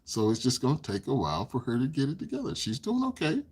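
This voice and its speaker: Older guy with a husky voice rambling thru a story on his live stream, laughs a lot, pitch jumps all over. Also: sing-song, quick pace, a little mellow. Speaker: livestream host. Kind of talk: casual livestream chat.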